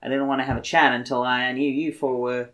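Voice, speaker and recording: A woman's voice: rumbling low, level tone, fairly quick, fairly bright tone. A woman doing a friendly Boston man in a tabletop game, talking in a put-on Boston accent. He rambles and hesitates, padding his protective words with fillers. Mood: earnest.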